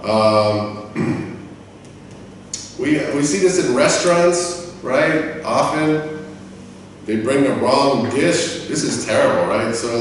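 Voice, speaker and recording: Man teaching in an echoey room. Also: a little hiss or hum. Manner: animated storyteller, acts out quoted staff in a higher voice. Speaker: English teacher. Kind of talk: lecture with personal anecdotes. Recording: echoey room, mic far off.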